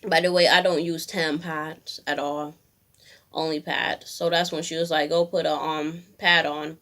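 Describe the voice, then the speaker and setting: A woman's voice: low-pitched, level tone, unhurried, a bit bright. A young woman telling a personal story in a candid, slangy way, acting out what people said. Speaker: vlogger. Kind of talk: casual storytime.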